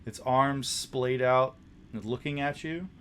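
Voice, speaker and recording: A man narrating a tabletop game as dungeon master, describing scenes in a halting way with many restarts. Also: mid-range voice, fairly bright tone, slight background noise.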